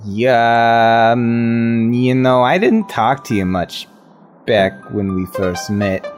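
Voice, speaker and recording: In a tabletop role-play, a male player speaks in character as a brash, confused young musician, casual and profane and full of street slang. His voice is medium-pitched and slow, with faint music in the background.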